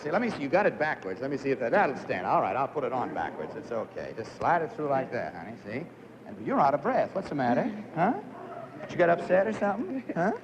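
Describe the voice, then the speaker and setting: A man's voice: medium pitch, sing-song, fast, noisy background. A man hosting a live TV game show, chatty and jokey as he coaxes contestants through stunts. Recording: muffled 1950s TV broadcast audio.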